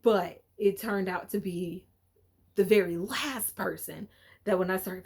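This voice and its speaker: A woman chatting casually in a book wrap-up video, animated and excitable, with frequent restarts and exclamations. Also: mid-range voice, measured pace, husky. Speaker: book vlogger.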